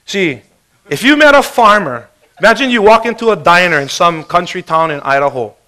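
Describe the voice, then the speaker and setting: Guy pumping up a sales crowd, high pitched, punchy bright tone. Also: moderate pace. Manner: energetic, joking, emphatic. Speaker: business presenter. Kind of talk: motivational sales talk.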